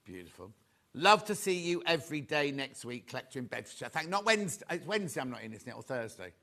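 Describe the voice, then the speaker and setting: A man presenting a live shopping show, chatty and excitable, rambling to the crew and viewers between sales. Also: medium pitch, fast. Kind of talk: live selling chat.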